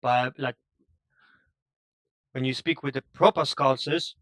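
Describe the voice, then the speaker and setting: A man chatting casually with a friend while gaming, relaxed, in slightly broken English. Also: mid-range voice, takes it slowly, dry recording.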